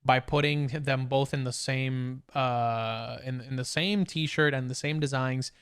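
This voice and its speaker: A young man co-hosting a podcast over a video call, talking in an excited, rambling way with many restarts. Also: mid-range voice, unhurried, clear, resonant tone. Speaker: podcast co-host. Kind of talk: casual chat.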